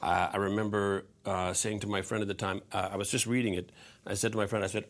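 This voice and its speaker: Husky, self-deprecating actor. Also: male voice, on the low side, steady tone, fast. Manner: self-deprecating, hesitant with fillers and restarts. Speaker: actor guest. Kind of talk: interview answers.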